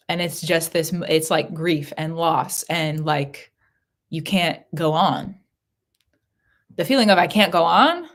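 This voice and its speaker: A woman's voice: low-pitched, takes it slowly. A woman giving a live psychic reading from home, intense and repetitive, breaking into bursts of laughter. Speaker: tarot reader. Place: home living room.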